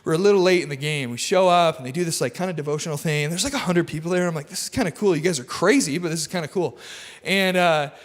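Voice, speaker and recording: A man's voice: fairly high pitch, fast talker. A young man preaching a casual sermon full of personal stories and self-deprecating humor in a large church. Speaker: guest preacher. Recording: long hall reverb.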